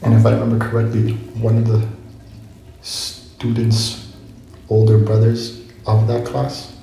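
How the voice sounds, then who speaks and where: Speaking in a lowish, mellow voice, a young man shares a personal story in a casual vlog, wandering off track, fixing his own words and musing as he goes. Faint noise and heavy room echo mark the recording.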